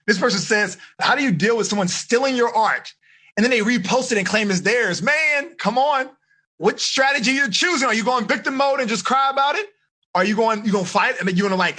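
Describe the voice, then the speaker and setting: An American life coach teaches a teen seminar in an energetic live talk, his voice bright, husky, extremely high and brisk. He is animated, coaxing the audience and acting out quoted voices.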